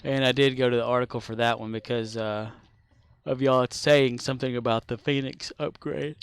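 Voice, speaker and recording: A man's voice: mid-range voice, steady tone, a little fast, clean tone, no echo. Sleepy, laid-back male game streamer. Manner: laid-back, drawling, answers chat. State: sleepy, keeps yawning. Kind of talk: casual chat while playing.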